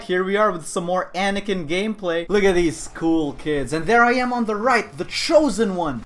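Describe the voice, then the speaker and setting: A man giving jokey, excitable gameplay commentary who often bursts into shouts. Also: sits high, moderate pace, few pauses, noisy background. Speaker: gaming YouTuber.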